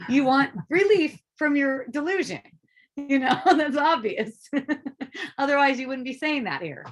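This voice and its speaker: A woman's voice: high-pitched, a bit bright. A woman hosting a casual live group talk, rambling, swearing freely and breaking into laughter often. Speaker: host of a spiritual dialogue group.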